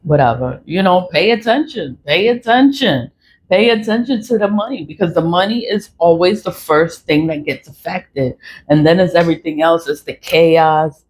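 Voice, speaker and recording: A woman's voice: on the low side, moderate pace, darkish tone, slight background noise, rough recording. A woman talking straight to camera about her spiritual cleansing practice, blunt and swearing, laughing between her points. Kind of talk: casual monologue to camera.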